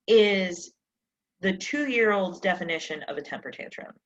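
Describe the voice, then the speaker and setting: A woman's voice: mid-range voice, animated, a little slow, highs cut off. A woman success coach giving an emphatic motivational coaching session, full of rhetorical questions, over a live stream mic.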